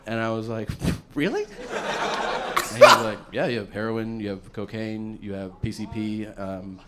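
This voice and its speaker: A man's voice: lowish voice, unhurried, heavy background noise. A man doing stand-up comedy, telling a long story with plenty of swearing and acting out what other people said. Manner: profane, acts out other people's lines.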